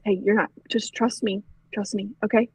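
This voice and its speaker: A woman playing a halting, earnest young man. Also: sits high, flat delivery, lightly acted. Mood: reassuring. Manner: halting, reassuring, stumbling restarts. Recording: dull, dry lo-fi mic.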